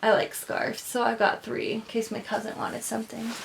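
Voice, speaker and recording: A woman's voice: fairly high pitch, completely flat delivery, normal speed, vocal fry, slight background noise. A young woman chatting casually in a doll vlog, rambling with lots of fillers and sometimes dropping to a whisper. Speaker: doll vlogger. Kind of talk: casual chat.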